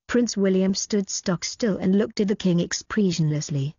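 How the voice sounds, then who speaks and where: A woman reading a novel aloud as an audiobook narrator, in an even, measured way, on dull lo-fi audio. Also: mid-range voice, husky, no echo. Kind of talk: scripted story narration.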